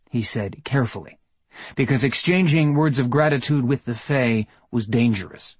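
A male audiobook narrator reads a story in a steady, even manner. His voice has a husky edge at a mid pitch, captured close and dry with no room sound. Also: normal speed, no room sound. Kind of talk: scripted narration.

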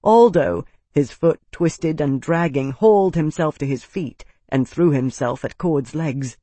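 A man's voice: on the high side, a little mellow, no echo. A man narrating a fantasy novel as an audiobook, reading steadily and dramatically.

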